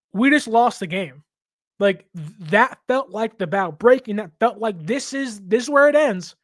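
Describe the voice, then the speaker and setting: A woman, hosting a sports podcast, giving casual football analysis in quick, emphatic rants that often restart mid-sentence. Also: medium pitch, dry recording. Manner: emphatic and excitable, rapid rants with self-interruptions.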